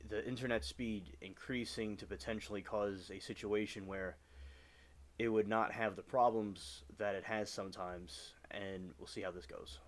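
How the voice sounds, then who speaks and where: Low-voiced man rambling on a livestream. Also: steady tone, moderate pace. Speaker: live streamer. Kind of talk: casual gaming livestream chat.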